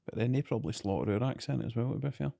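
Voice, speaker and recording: A man's voice: mid-range voice, rapid-fire, gravelly, mellow, no room sound, studio quality. A young man with a Glasgow Scottish accent, co-hosting a podcast in laid-back, teasing casual chat. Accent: Scottish, Glasgow area. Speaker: podcast co-host.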